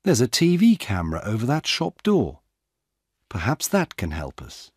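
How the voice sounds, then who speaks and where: A man's voice: medium pitch, wildly swooping pitch, moderate pace, slightly rough, no room sound, studio quality. A man voicing Sue, a curious female police officer in a storybook. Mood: alert.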